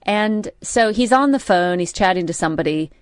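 A woman's voice: medium pitch, lively intonation, normal speed, no echo, studio quality. A middle-aged woman, co-hosting a radio show in casual chat, telling a rambling story with many restarts. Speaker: radio co-host. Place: radio studio.

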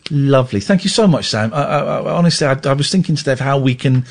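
Husky, lively late-night radio host man. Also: medium pitch, fast. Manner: joking, self-mocking, rambling with restarts. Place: radio studio. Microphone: studio microphone.

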